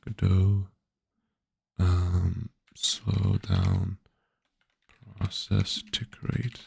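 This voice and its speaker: Low gravelly guy game dev talking to himself, lots of ums, slow. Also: level tone, darkish tone, no room sound. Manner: hesitant, many filler sounds. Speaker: game developer. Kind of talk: casual thinking aloud while coding.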